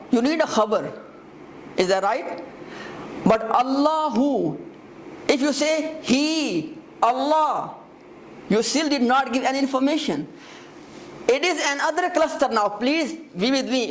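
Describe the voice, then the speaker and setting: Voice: sits high, lively intonation, moderate pace, slight background noise. A grammar teacher in a live class who explains step by step, repeats key terms and often stops to ask the students whether they follow.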